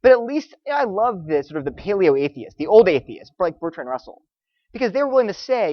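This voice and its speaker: Animated man lecturing students. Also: high voice, fairly quick, no room sound, highs cut off. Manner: animated storytelling, acts out quoted voices. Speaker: Christian apologetics speaker.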